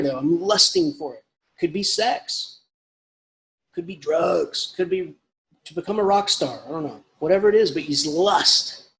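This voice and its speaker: A man giving a casual, rambling literature lecture with emphatic asides. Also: high voice.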